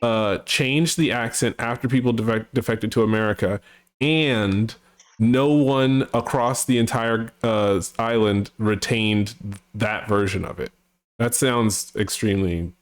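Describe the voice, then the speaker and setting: A man's voice: lowish voice, measured pace. A man hosting a livestream, chatting casually, asking wry, skeptical questions and reading viewer comments aloud. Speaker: streamer host. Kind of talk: casual chat.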